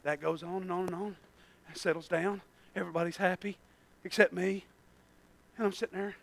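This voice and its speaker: A man preaching a sermon, swinging from shouting to hushed storytelling. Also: high-pitched, steady tone, a little fast, vocal fry.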